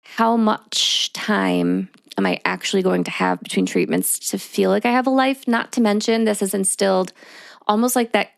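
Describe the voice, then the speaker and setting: A woman's voice: mid-range voice, animated, gravelly, no room sound, clean studio sound. A woman co-hosting a podcast, speaking openly and emotionally in casual chat. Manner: open, emotional, quick bursts of speech. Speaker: podcast co-host.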